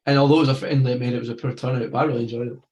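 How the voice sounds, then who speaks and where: A Scottish man co-hosting a podcast, giving quick running football commentary between casual chat. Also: medium pitch, steady tone, darkish tone, reverberant. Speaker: podcast co-host. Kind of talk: live football watchalong commentary.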